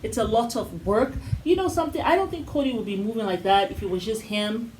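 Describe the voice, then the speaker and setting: A woman co-hosting a casual review chat, talkative and opinionated, quick to act out scenes she describes. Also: fairly high pitch, darkish tone, a little hiss or hum, rough recording. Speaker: co-host of a TV review channel.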